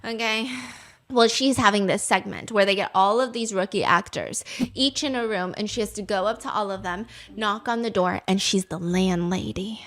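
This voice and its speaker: A young woman hosting a casual storytelling podcast, animated and laughing as she acts out quotes. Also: medium pitch, normal speed. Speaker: podcast host.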